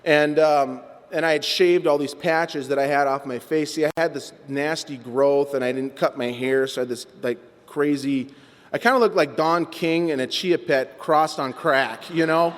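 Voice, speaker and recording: A man speaking at a recovery meeting, telling his personal story in an animated, self-mocking way. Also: fairly high pitch, normal speed. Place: meeting hall. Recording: long reverb from a large hall.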